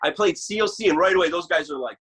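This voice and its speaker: A man guest telling rambling, animated, profanity-filled road stories in a casual chat. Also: a little high, quick pace, husky, low-quality recording. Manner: rambling animated storyteller, swears a lot. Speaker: guest musician.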